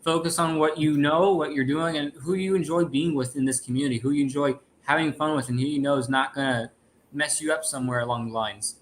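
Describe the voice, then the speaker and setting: A man's voice: fairly high pitch, steady tone, brisk, a little hiss or hum. A man co-hosting a livestream, speaking earnestly and encouragingly. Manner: earnest, encouraging, talks about community support. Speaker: livestream co-host. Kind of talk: casual livestream chat.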